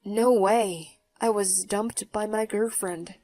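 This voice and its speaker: Story read: woman playing an indignant ex-husband, slow, defensive. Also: mid-range voice, steady tone, dark tone, lightly acted. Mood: sulky. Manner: indignant, whiny. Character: angry defensive male ex-husband. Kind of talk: storybook narration. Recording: faint background music.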